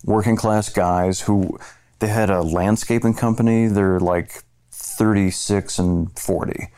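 A man's voice: on the low side, steady tone, measured pace, mellow, clean tone. A man from central Illinois co-hosting a casual chat, telling stories in an earnest way. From central Illinois, USA. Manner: earnest storytelling. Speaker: podcast co-host.

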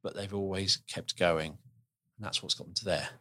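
Low-voiced man with a dry, close sound. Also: steady tone, moderate pace, sharp tone, no echo. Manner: earnest, rambling, restarts his sentences. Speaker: podcast host. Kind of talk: casual podcast conversation.

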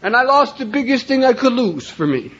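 An older man from Cleveland telling his own recovery story to a meeting, emphatic, swinging from shouts down to quiet lines. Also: sing-song, fairly quick, husky. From Cleveland, Ohio, USA. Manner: emphatic, raises voice to a shout then drops low. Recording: dull lo-fi recording.

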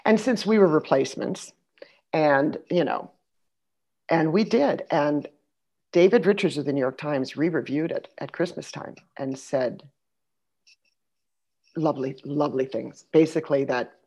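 A middle-aged woman in casual conversation, an animated storyteller who laughs and restarts her sentences. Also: deep voice, unhurried, long pauses, slightly rough. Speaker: guest.

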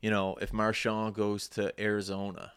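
A man's voice: on the low side, normal speed, smooth. A young man from Canada's East Coast, co-hosting a casual sports podcast and rambling with lots of restarts. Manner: rambling, animated, restarts mid-sentence. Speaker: podcast co-host.

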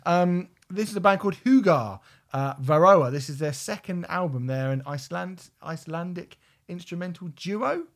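A man's voice: high voice, expressive, normal speed. A man co-hosting a music podcast, rambling and searching for words, swearing casually. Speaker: podcast co-host. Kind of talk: casual chat about music albums.

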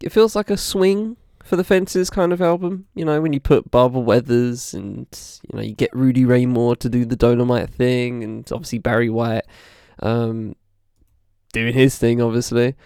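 A man's voice: mid-range voice, steady tone, moderate pace, warm tone, smooth, no echo, clean studio sound. Rambling man chatting about music. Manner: rambling, filler-heavy, joking exasperation. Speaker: podcast co-host. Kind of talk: casual chat about music.

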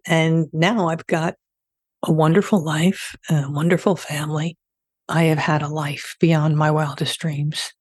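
A woman's voice: low-pitched, fairly even intonation, a little slow, a little mellow, husky, dry recording, clean studio sound. An older woman speaking candidly as an interview guest, telling stories in a conversational way. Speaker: guest, former death investigator. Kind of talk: interview storytelling.

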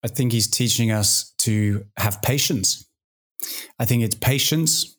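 A man's voice: mid-range voice, slow, fairly bright tone. A man hosting a podcast, talking things through in a reflective, casual way. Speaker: podcast host. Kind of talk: casual discussion.

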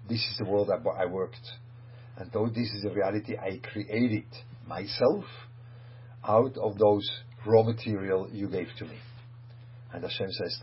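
A man teaching a Torah lecture, emphatic, asking rhetorical questions and mixing in Hebrew and Yiddish phrases. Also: on the low side. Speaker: rabbi teaching. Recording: dull hum-laden recording.

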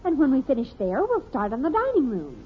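A gushing, excitable teenage daughter in a 1950s radio comedy. Her high, bouncy voice rises and falls eagerly as she rushes through ideas. The sound is dull and muffled, like old radio. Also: a little hiss or hum. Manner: breathless and enthusiastic.

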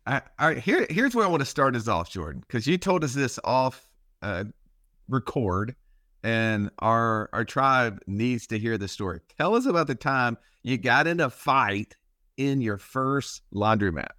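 A man's voice: mid-range voice, animated, measured pace, pushed and bright, no echo, studio quality. A man co-hosting a podcast, casually prompting the guest to tell a story. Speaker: podcast co-host.

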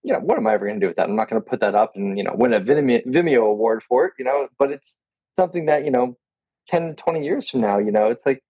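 A man's voice: medium pitch, lively intonation, fast talker, slightly rough, no echo, lo-fi sound. A man in a casual podcast conversation, chatty and enthusiastic, often quoting himself.

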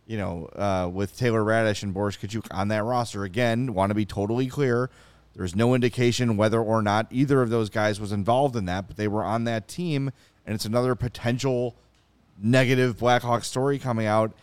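A man's voice: fairly low pitch, fairly even intonation, a little fast, clean tone, no echo. Exasperated Chicago man hosting a podcast. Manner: frustrated, swears freely. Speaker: podcast host. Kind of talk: casual sports podcast chat.

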